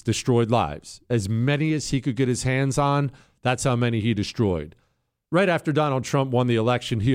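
A man hosting a political talk radio show, combative and mocking, with sarcastic jabs and punchy emphasis. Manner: lively pitch swings, stressing words.

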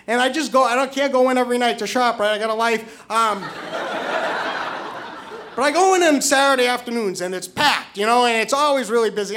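A man's voice: very high voice, a bit bright. A man telling a personal story, stammering and repeating words, chuckling as he goes.

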